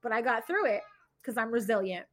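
A woman's voice: fairly high pitch, animated, a little fast. A woman, podcast co-host, tells a personal story in casual chat, candid and profane.

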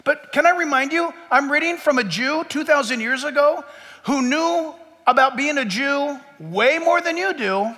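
High, bright-voiced preaching man in a church. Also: normal speed. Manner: animated preaching, acts out voices of listeners. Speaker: pastor. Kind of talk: sermon. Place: church sanctuary before a congregation. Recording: long church hall reverb.

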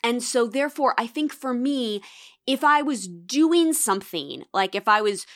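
A woman's voice: on the high side, expressive, unhurried. A woman in her thirties hosting a casual solo podcast, chatty and reflective, often acting out voices as she tells stories. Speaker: podcast host.

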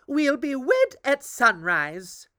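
Sly gleeful witch in disguise, higher voice, drawn-out words, as a woman storyteller puts her on. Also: wildly swooping pitch, fairly bright tone, no room sound, studio quality, full character voice. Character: scheming witch disguised as a young prince.

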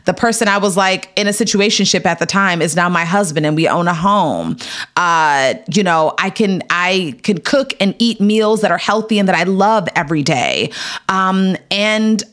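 A woman's voice: mid-range voice, a little slow. A woman in her thirties, an actress guest on a podcast, telling a personal story in casual chat and acting out what people said to her. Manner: animated, acts out quotes in raised voices.

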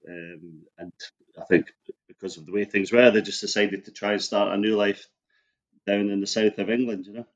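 Scottish man telling stories, low voice. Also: fairly even intonation, moderate pace, highs cut off. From Scotland. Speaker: guest. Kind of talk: casual interview chat.

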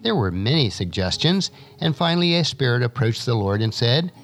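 A man reads scripture aloud with a lively, rising and falling delivery, lifting his pitch whenever a character speaks. His voice sits in a middle register. Faint music plays underneath. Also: normal speed, vocal fry. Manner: expressive reading, lifting pitch for quoted speakers. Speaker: scripture reader and teacher. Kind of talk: Bible reading followed by an essay.

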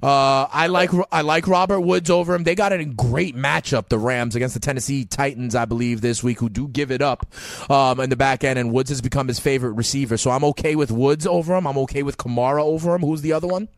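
A man hosting a fantasy football call-in show, giving advice in an animated, sing-song way and often addressing callers by name. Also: medium pitch, fast, few pauses, no echo. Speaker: fantasy football radio host.

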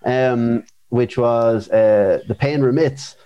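A man's voice: mid-range voice, takes it slowly, clear, resonant tone, muffled recording. Rambling, hesitant Irish man. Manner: rambling, hesitant, full of fillers and swearing. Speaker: guest vocalist. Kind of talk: casual chat.

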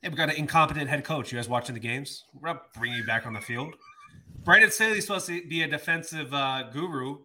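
A man's voice: on the high side, fast talker, bright, forceful tone, slight background noise. A man ranting in exasperation on a sports podcast, swearing mildly. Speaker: podcast host. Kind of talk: casual sports talk.

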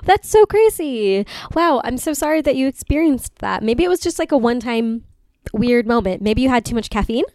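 A woman's voice: a little high, animated, moderate pace, hardly any pauses, a little mellow, no echo. A woman in her twenties co-hosting a podcast, chatting casually in a rambling, self-deprecating way, with a slight lisp. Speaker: podcast co-host. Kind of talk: casual chat.

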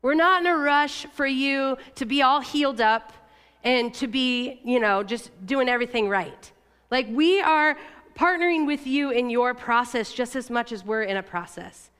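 Middle-aged woman church leader, candid sermon delivery, clear resonant tone, reverb of a large hall. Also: high-pitched, animated, moderate pace, a bit bright. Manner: conversational, candid, with fillers and self-corrections.

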